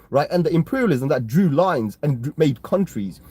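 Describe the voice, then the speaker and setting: A man's voice: fairly high pitch, animated, moderate pace, warm tone, slightly rough, dry recording. A British man hosting a crypto live stream, talking casually to his chat in a rambling way, often tagging "right?" and getting heated. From United Kingdom. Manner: rambling, repeats "right?" and restarts, gets heated. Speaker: crypto livestream host.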